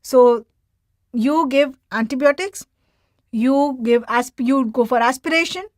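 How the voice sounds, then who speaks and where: Woman medical lecturer, high voice, dry close mic, quizzes herself and repeats key terms. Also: unhurried, no echo. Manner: asks questions and answers them herself, repeats key terms. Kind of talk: recorded anatomy lecture.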